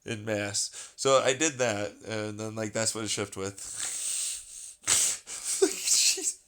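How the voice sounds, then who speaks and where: A man's voice: lowish voice, fairly even intonation, extremely slow, bright, forceful tone, clean tone. Profane, rambling man ranting casually.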